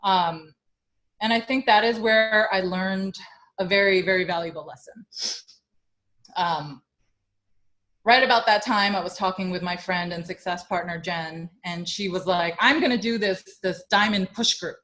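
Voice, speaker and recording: A woman's voice: on the low side, steady tone, measured pace, pauses often, a bit bright. A young woman who coaches fitness, telling her story in a chatty interview with lots of fillers and growing emotion. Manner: chatty, many fillers, grows emotional and tearful.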